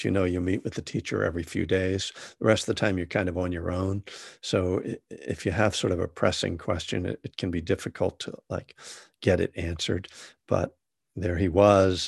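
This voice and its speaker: A man's voice: sits low, vocal fry, slightly rough, no room sound, studio quality. A man, an author, telling a personal story in a casual, rambling, self-deprecating way with many restarts.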